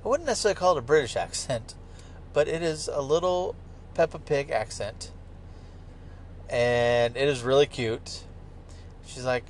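A man's voice: medium pitch, lively intonation, normal speed, pauses often. A middle-aged man hosting a podcast, talking in a casual, profane, joking ramble from inside a moving car. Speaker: podcast host. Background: car and traffic noise.

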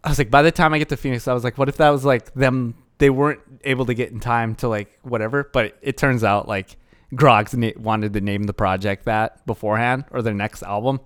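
A man in casual podcast chat, excitable and rambling, quick to jump in with his own thoughts. His voice is at a middling pitch and sounds dry and close-miked. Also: clean tone, dry recording. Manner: excitable, laughing, rambling with many "like" fillers. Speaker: podcast co-host.

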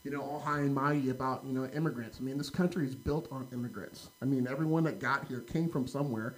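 A man's voice: mid-range voice, fast, rough recording. An American man telling a rambling story in casual podcast chat, full of "like" and "right?" fillers. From United States. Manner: animated anecdote-telling, heavy "like" and "right?" fillers.

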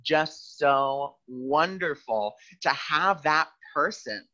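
A man who is a guest on a spiritual podcast, telling stories in an animated way and acting out voices. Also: on the high side, takes it slowly, lo-fi sound. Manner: animated storyteller who acts out quoted voices. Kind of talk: casual podcast conversation.

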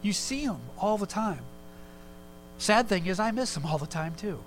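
Guy preaching, kinda high voice, loose storytelling sermon, little mains hum behind. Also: expressive, low-quality recording. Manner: conversational storytelling with quick asides. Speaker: pastor.

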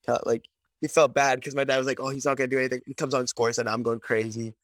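A man in casual podcast chat, talking excitedly and chattily. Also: medium pitch, fast talker, no echo.

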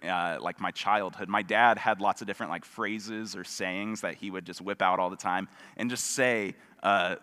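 Male pastor, low bright voice, easygoing sermon delivery, long hall reverb. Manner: relaxed, conversational, with self-deprecating humor.

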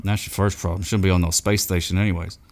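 Dude guesting on a podcast, goofy folksy rambling, kinda low voice. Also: male voice, little pitch movement, fast talker. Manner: rambling folksy comic delivery with goofy grammar. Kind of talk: comedic casual chat.

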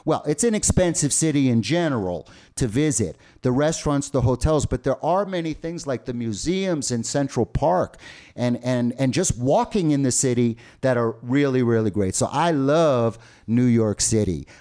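An American man co-hosts a casual bilingual podcast, rambling along with lots of fillers and restarts. His mid-range voice is expressive and mellow, at a moderate pace.

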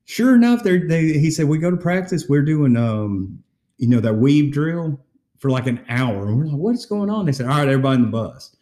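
Casual male co-host, mellow voice, lively storyteller, echoey room. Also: medium pitch, fairly quick. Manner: animated storyteller, acts out quotes. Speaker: podcast co-host. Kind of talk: casual sports chat.

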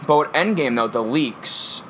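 A young man co-hosting a podcast, chatting casually and telling animated, profane stories. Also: medium pitch, unhurried, slight background noise. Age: young adult. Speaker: podcast co-host. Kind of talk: casual chat.

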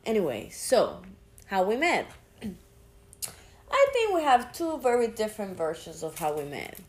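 A Spanish-speaking woman with a Hispanic accent and a sore throat speaks at medium pitch, a little slowly, her pitch swooping wildly. She co-hosts a casual podcast with her girlfriend, being talkative and teasing as they chat.

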